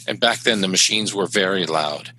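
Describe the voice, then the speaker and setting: A man's voice: low-pitched, normal speed, pushed and bright, a little hiss or hum, poor audio. A middle-aged man from Canada, a stand-up comedian telling wry road stories with punchlines in a casual chat. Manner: anecdotal, wry, with punchline delivery.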